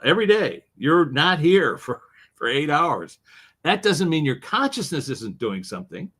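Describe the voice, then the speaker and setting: A male author talks through an interview with the animated energy of a storyteller. His voice sits a little on the high side and jumps up and down as he explains his ideas. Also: unhurried, slightly rough. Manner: animated storyteller with wide pitch swings. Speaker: author and guest. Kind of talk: interview conversation.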